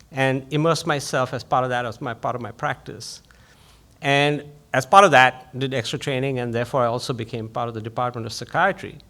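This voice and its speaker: Doctor guy giving a lecture, talks fast and excited, chatty. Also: mid-range voice. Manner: quick, eager, conversational. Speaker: invited lecturer, physician. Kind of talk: public lecture.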